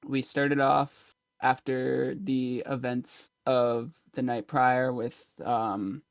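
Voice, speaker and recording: A man's voice: mid-range voice, flat delivery, drawn-out words, vocal fry, dry recording. A young man playing in a tabletop game, rambling through a casual recap of the last session and laughing along the way. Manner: rambling, laughing, trailing off mid-thought. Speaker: player.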